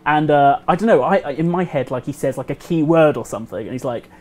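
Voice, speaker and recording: A man telling a history story casually on a game developer livestream, animated and acting out the quotes. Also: a little high, fast talker. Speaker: community host.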